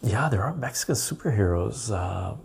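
A man's voice: lowish voice, animated, normal speed, gravelly, darkish tone, a little hiss or hum. A man hosting a casual live stream, rambling as he reads viewer comments aloud and answers them. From Canada.

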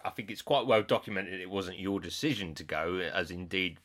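A man hosting a podcast interview, asking questions in a relaxed, conversational way with some hesitant fillers. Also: deep voice, a little fast. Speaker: podcast host.

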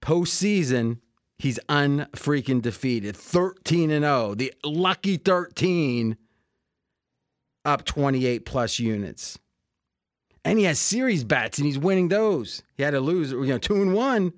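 A man hosting a betting podcast, his fairly high voice swinging up and down as he jokes and pushes deals. The studio sound is close and dry, with no room echo. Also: slow pace. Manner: animated, salesy, joking. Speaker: podcast host. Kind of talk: sports betting podcast chat.

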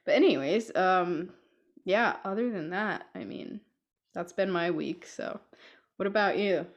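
A woman's voice: lowish voice, a little slow, highs cut off. A young woman co-hosting a casual podcast chat, telling stories and laughing often. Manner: laughs often, chatty and storytelling. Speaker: podcast co-host.

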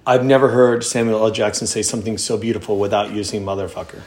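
A man's voice: fairly low pitch, little pitch movement, quick pace, darkish tone. A man hosting a casual podcast interview, joking briefly and then asking direct questions. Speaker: podcast host.

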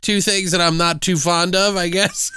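A man's voice: sits high, steady tone, measured pace, sharp tone, slight background noise. A man hosting a casual horror podcast, joking around and swearing freely. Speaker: podcast host. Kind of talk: casual chat.

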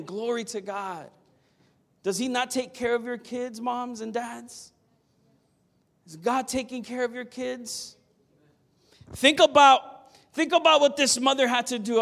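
A man's voice: very high-pitched, fairly bright tone. A man preaching a sermon, earnest and emphatic, often asking the listeners "Amen?". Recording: long hall reverb.

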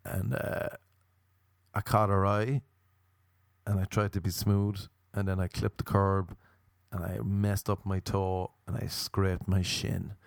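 A man's voice: low voice, flat delivery, takes it slowly, gravelly, no room sound, clean studio sound. An Irish man delivering a rambling, sardonic comedic rant.

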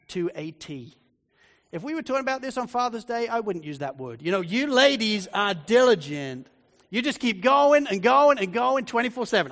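A man's voice: sits high, fairly bright tone. A man preaching a sermon, speaking animatedly and addressing the congregation directly. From Australia. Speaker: pastor. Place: church. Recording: long reverb of a church hall.

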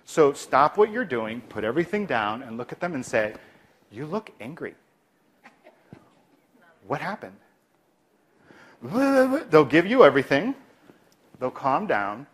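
This is a medium-pitched man talking at a normal speed, lively throughout his clinical lesson on de-escalation. To model what he'd say, he regularly shifts into a quiet, soothing voice.

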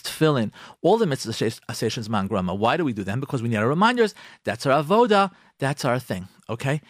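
Animated rabbi giving blunt marriage advice. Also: male voice, fairly high pitch, dry recording, studio quality. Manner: animated, acts out imagined husbands and wives in quick asides. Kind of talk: radio talk monologue. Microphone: close studio microphone.

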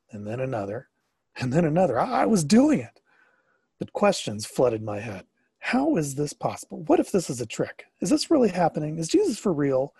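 A man narrating a story in the first person, expressive and sometimes rising to excited questions. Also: medium pitch, husky, no echo.

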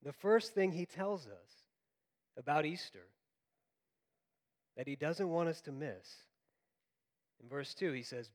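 A man who grew up in Florida, preaching a sermon as pastor and acting out quotes in an animated storytelling manner. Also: fairly high pitch, takes it slowly, pauses often.

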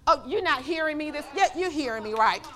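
A woman pastor preaching a sermon in church, telling a personal story and building up to shouts of praise. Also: high voice, lively intonation, brisk.

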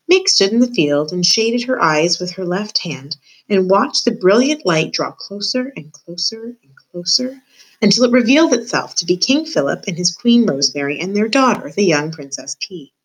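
A woman's voice: on the low side, big pitch swings, moderate pace, breathy edge, poor audio. Woman reading a storybook aloud. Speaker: reader.

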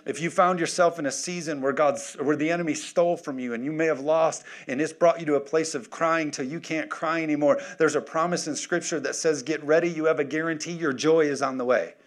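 A man in his thirties delivers a lively sermon from the pulpit. His voice sits a little high for a man, and he mixes urgent exhortation with quick joking asides to the congregation. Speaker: pastor.

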